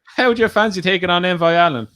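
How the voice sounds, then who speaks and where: A man co-hosting a casual podcast, blunt and quick to swear when riled. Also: sits high, bright, forceful tone. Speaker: podcast co-host. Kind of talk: casual banter.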